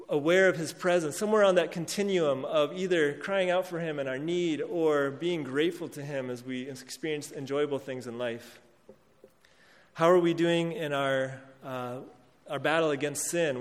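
An earnest male pastor delivers a sermon in a slightly higher than usual voice, with a long reverb trailing each phrase. He pauses and restarts often, then rises with emphasis on key lines. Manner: earnest, reads scripture aloud with rising emphasis.

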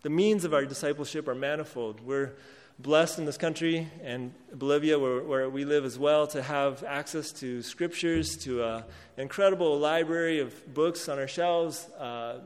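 An earnest male pastor delivers a sermon in a slightly higher than usual voice, with a long reverb trailing each phrase. He pauses and restarts often, then rises with emphasis on key lines. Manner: earnest, reads scripture aloud with rising emphasis.

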